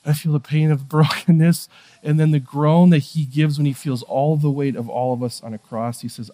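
A man delivers a sermon in an easy, conversational way, full of fillers and asides. His voice sits on the high side for a man. He sinks into soft, hushed stretches and then climbs back to raised, emphatic ones. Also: steady tone, normal speed. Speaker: pastor.

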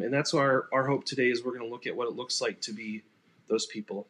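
Speaking quickly in a mid-range voice, this male pastor preaches unscripted in a relaxed, chatty style. He voices sample replies as if quoting people.

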